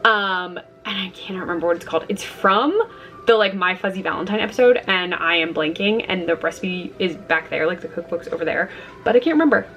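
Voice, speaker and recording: A woman chatting casually to camera in her home kitchen, talking through her week, excitable and prone to squealing when something delights her. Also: lowish voice, fairly quick. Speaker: vlogger.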